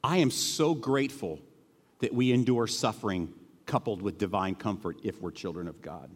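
A middle-aged male pastor preaching a sermon in a church, earnest and emotional, dropping to hushed tones and then rising to emphatic peaks. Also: fairly low pitch, moderate pace, big-room sound. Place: church sanctuary.

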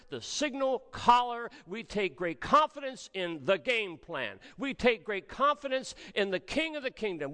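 A man preaching a sermon as pastor, with measured delivery and dramatic pauses. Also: sits high, fairly bright tone, long reverb tail.

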